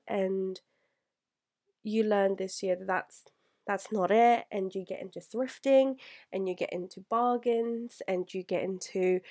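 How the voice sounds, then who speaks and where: A young woman speaks in a mid-pitched voice to her past self. She is earnest and rambling, with plenty of fillers and restarts, and sounds close to tears. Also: a little mellow. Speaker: vlogger.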